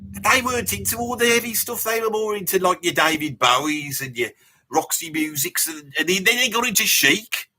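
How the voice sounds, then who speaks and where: A man's voice: high-pitched, lively intonation, moderate pace, bright, forceful tone, a little hiss or hum, full character voice. A man playing a boastful, rambling Birmingham bloke with a Birmingham accent, chatting with viewers on a live stream in character. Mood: rambling chat. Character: boastful middle-aged Birmingham bloke, rambling name-dropper. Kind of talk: in-character live reaction chat.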